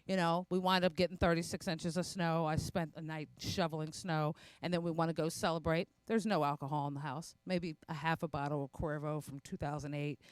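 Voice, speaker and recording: A woman's voice: low-pitched, steady tone, fairly quick, few pauses, clean tone, no echo. A young adult woman performing a stand-up comedy set, telling self-mocking stories with quoted asides.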